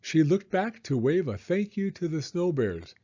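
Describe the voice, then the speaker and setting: A male reader tells a children's story slowly, his voice rising and falling with lots of life. The pitch sits mid-range. The recording is slightly dull and muffled. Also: husky. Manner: expressive, unhurried storytelling. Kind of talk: children's read-aloud.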